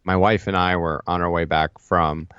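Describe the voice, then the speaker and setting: A man's voice: low voice, normal speed, clear, resonant tone, no echo, dull audio. A man telling stories with lots of energy as a guest in a casual podcast interview. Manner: energetic, animated storyteller. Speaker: podcast guest, ad agency partner.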